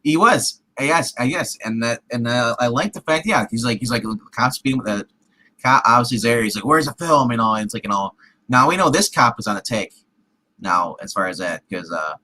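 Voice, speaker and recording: Guy with a bright punchy voice rambling about a movie plot, lots of "he's like". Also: medium pitch, a little fast, poor audio. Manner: rambling, acts out scenes in lively put-on voices. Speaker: co-host reviewing a film. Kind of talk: casual chat.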